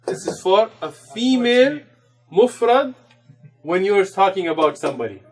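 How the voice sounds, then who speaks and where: A man with a fairly high voice leads an Arabic grammar lesson in a mosque classroom. He explains each point patiently, mixing English with Arabic terms. He reads Arabic passages at a quick clip. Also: expressive, faint music behind. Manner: recites Arabic text rapidly. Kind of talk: classroom lecture.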